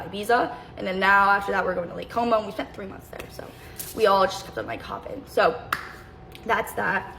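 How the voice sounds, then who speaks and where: A young woman in casual storytime mode, her voice at an ordinary middle pitch. She rambles, breaks off mid-sentence and hops between side stories as she talks. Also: fairly bright tone, a little hiss or hum, low-quality recording. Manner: rambling, self-interrupting, jumps between tangents.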